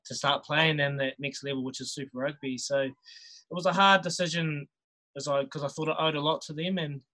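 Laid-back New Zealand man in his thirties, bright and a little high, easygoing podcast guest. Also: steady tone, fairly quick, low-quality recording. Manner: laid-back, chuckles often, many restarts. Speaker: podcast guest, rugby player. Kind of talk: casual storytelling chat.

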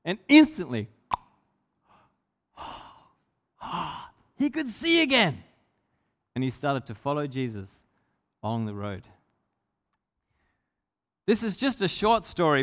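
A man preaching a sermon, retelling a Bible story with lively energy and shouting out the lines of its characters. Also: mid-range voice, moderate pace, long pauses, long reverb tail.

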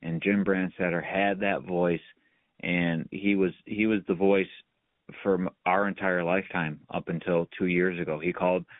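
A man with a deep, low voice hosts a casual sports chat, giving rambling, emphatic opinions. The audio is dry and squeezed like a phone call. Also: flat delivery, normal speed, dry recording. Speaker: podcast host.

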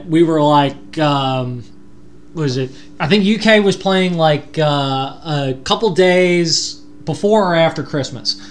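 A young man co-hosting a podcast, chatting in a relaxed way and laughing often. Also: on the high side. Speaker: podcast co-host. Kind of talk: casual chat.

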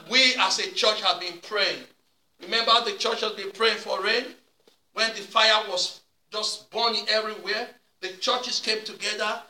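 A male pastor leads a closing prayer with fervent, repetitive pleading. His voice is high and very bright. He sounds distant in an echoey room with faint ambience behind him. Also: a little hiss or hum. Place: church service.

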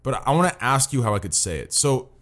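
A man's voice: mid-range voice, big pitch swings, quick pace, a bit bright. A young man streaming and rambling hesitantly in casual voice-chat banter, full of filler words and restarts, speaking into a voice-chat headset.

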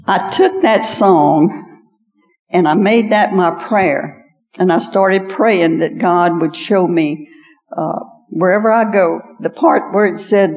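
An older woman tells her story in a low, folksy voice and leans on "I said" as she goes. Her voice carries the long reverb of a large hall where she speaks to a gathering. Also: slow pace, a little mellow. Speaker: guest speaker. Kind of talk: personal testimony talk. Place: large hall at an evening event.

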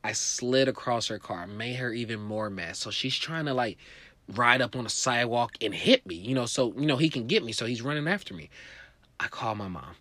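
At normal speed and with no room sound, a comedic host spins a vulgar stand-up tale, voicing characters with gusto and yelling high-pitched during the acted-out bits. Later he becomes calm and thoughtful.

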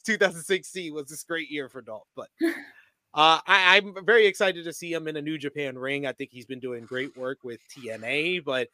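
A man's voice: fairly high pitch, normal speed, pushed and bright, no room sound. A man hosting a casual wrestling podcast, reading out the matches and asking each co-host for a pick. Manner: runs the show, reads out matches and asks each co-host for picks.

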